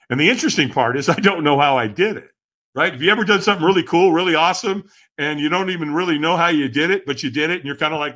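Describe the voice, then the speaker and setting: A middle-aged man, a podcast guest, telling a dramatic personal story with lively acted-out quotes. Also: on the high side, quick pace. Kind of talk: animated storytelling.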